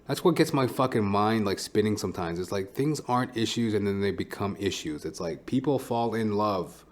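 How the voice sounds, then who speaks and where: A man's voice: lowish voice, expressive, moderate pace. A man who is a stand-up comedian, hosting his own podcast in a blunt, profane, rambling monologue.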